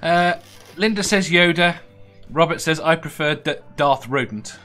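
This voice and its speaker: A man's voice: on the high side, measured pace, bright, forceful tone, soft background music. A man hosting a casual online quiz chat, teasing his guests and laughing often. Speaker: quiz host.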